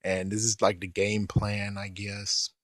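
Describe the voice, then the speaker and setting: A man's voice: fairly low pitch, monotone, measured pace, fairly bright tone, no echo, clean studio sound. A man giving a casual, rambling recap of a cartoon episode, exasperated and swearing mildly. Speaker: video commentator.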